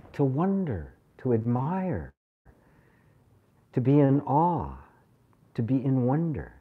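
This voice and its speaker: Guy leading a spiritual talk, husky voice, really lively pitch, tinny phone-like sound. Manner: animated, laughing, acts out questions. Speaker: spiritual teacher. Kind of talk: satsang talk to a live group.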